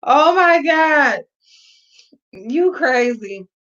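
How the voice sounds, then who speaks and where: A woman's voice: high voice, lively intonation, very slow, a bit bright. Giggly, slangy woman livestream host. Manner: giggly, laughing through her words; slangy, blunt, swears freely. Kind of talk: casual chat with live viewers. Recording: dull lo-fi livestream audio.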